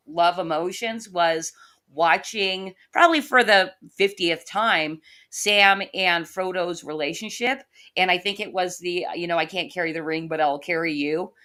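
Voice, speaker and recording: A woman with a fairly low voice co-hosts a casual conversation. She tells personal stories in an animated, expressive way, often slipping into other people's voices as she quotes them. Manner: animated anecdote-telling, acting out quoted voices. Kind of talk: casual livestream chat.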